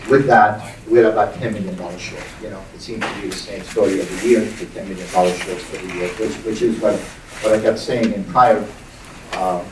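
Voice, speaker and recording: A middle-aged man, a university's acting president, speaking at a town hall in a halting way and repeating words as he thinks aloud. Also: fairly low pitch, background noise. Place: large hall with audience. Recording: echoey hall, distant mic.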